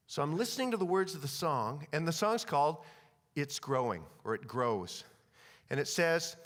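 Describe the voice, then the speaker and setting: An animated male preacher tells stories to a crowd of men, his voice high and lively with wide, bouncing swings. The delivery is humorous and energetic. Long reverb trails through a large conference hall. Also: brisk. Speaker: conference speaker. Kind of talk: energetic sermon.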